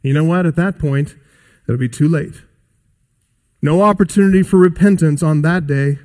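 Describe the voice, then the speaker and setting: A man preaching a sermon, emphatic, rising and dropping in pitch and loudness, and putting rhetorical questions to his listeners. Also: moderate pace. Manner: asks the congregation rhetorical questions.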